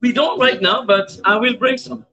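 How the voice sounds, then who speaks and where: A man's voice: very high voice, creaky. Hesitant male bar owner from France. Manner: hesitant, halting, many fillers. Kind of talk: casual interview chat. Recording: slightly dull lo-fi sound.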